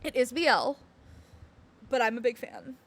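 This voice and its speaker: Chatty giggly woman streaming a game, higher voice that bounces around a lot. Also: lively intonation, moderate pace. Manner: chatty, giggly, laughs often. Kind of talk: casual gameplay chat and reading game text.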